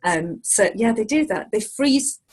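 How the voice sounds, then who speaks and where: A woman talking casually as an interview guest, lively and quick to laugh. Her voice is slightly husky and breathy. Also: medium pitch. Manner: animated, laughs often. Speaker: psychic, guest.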